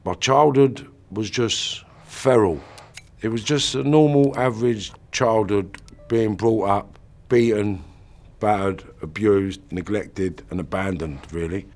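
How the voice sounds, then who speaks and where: A man's voice: on the low side, slow pace, darkish tone. A man giving an interview, telling a hard personal story in a raw, emotional way.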